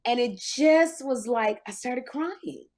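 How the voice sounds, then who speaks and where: A woman in her fifties, a talk show host, telling an emotional story in casual podcast chat, jumping high in pitch when she quotes herself. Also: slow, darkish tone. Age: 50s.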